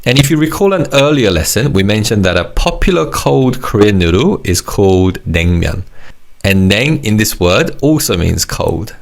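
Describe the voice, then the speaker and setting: A man teaching a recorded language lesson, encouraging and modeling words slowly for learners to repeat. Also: on the low side, very animated, vocal fry.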